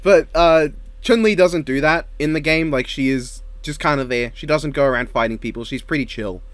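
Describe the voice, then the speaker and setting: A man co-hosting a casual podcast chat, animated and joking, with quick asides. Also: a little high, no echo. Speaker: co-host.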